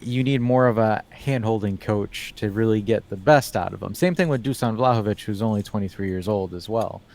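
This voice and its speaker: A man co-hosting a casual football podcast, talking in a rambling, animated way, full of fillers and restarts, with wry asides. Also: on the low side, brisk. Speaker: podcast co-host.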